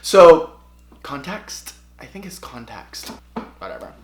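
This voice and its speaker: A man in his twenties vlogs a personal story to camera from an echoey room, talking expressively and repeatedly asking himself questions before answering them. He speaks slowly in a slightly high, very animated voice.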